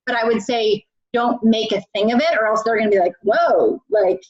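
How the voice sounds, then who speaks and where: A woman's voice: fairly high pitch, steady tone, fairly quick. A woman dietitian coaching parents on a live call, chatty, with many "like"s and restarts. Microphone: video call. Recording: roomy, muffled call audio.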